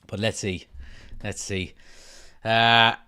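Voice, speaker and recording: A man's voice: lowish voice, fairly even intonation, slow, pushed and bright, smooth. A man, hosting a casual football watch-along from his front room at home, chatting and reading out viewer comments. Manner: chatty, reads out viewer comments, laughs often. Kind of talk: casual live-stream chat.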